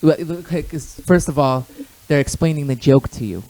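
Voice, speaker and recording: A man's voice: on the high side, normal speed, darkish tone, no echo. A man who is a guest on a casual podcast chat, arguing his point with many restarts and repeated words, often laughing.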